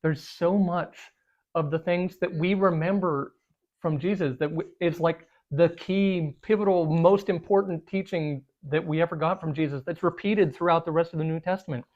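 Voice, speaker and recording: A Bible study co-host talking through scripture in a casual discussion, thoughtful and halting as they search for words. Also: medium pitch, steady tone, darkish tone, muffled recording.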